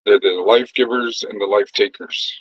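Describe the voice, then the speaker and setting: A man's voice: lowish voice, fairly even intonation, moderate pace, husky, no room sound, lo-fi sound. A middle-aged man who cooks and sells food, chatting loosely into his phone during a livestream with lots of fillers and easy laughter. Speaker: food truck cook and vlogger. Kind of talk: casual livestream chat.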